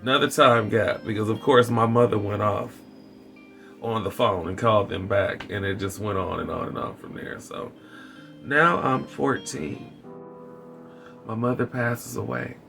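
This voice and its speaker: Gravelly-voiced guy rambling through his own story on his vlog, dark humor, repeats himself. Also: lowish voice, unhurried. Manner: candid, wry dark humor. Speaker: vlogger. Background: background music.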